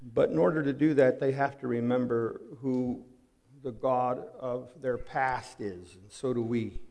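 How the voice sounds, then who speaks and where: Slow dramatic preacher, gravelly, in a hall. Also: male voice, medium pitch, steady tone. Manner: dramatic, rhetorical questions, swings from hushed to loud. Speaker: pastor. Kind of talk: sermon. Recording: long hall reverb.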